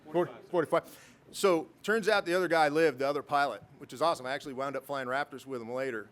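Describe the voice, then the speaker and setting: This guest speaker, a middle-aged military pilot, has a fairly high, somewhat bright voice and speaks quickly. His ceremonial speech is full of stories, chuckles, and jokes at his own expense.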